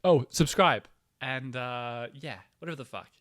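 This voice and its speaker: A young man hosting his own show, talking casually to camera in a rambling, profane way that swings from loud outbursts to low mumbling. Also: a little slow, no echo, studio quality. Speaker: podcast host. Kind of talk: casual solo talk to camera.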